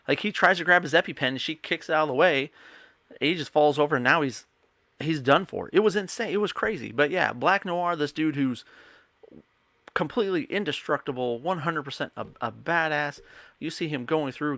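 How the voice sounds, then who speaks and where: A man's voice: medium pitch, sharp tone, no room sound. A young man hosting a podcast, rambling through a casual episode recap and quoting the characters' lines with many restarts. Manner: rambling, retells scenes with quoted lines and restarts. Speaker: podcast host.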